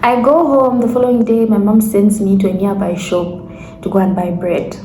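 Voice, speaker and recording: A young woman from Zambia tells a story in a relaxed, easygoing vlog style, her voice sitting in the middle of her range with a warm, mellow tone. She breaks off into laughing asides and quotes other people, and the room around her echoes with a faint hum of ambience behind her. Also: medium pitch, normal speed. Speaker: vlogger. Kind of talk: casual storytelling.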